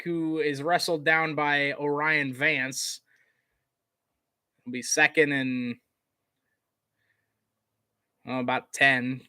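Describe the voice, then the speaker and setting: Bright-voiced casual male play-by-play caller. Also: a little high, dry recording, studio quality. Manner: conversational, fillers, gets excited on big plays. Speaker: live game commentator.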